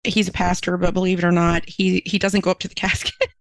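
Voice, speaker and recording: A woman's voice: on the low side, little pitch movement, fast talker, no echo, rough recording. A woman minister, a podcast guest, telling a personal story in an earnest, emotional way, her voice climbing when she is moved.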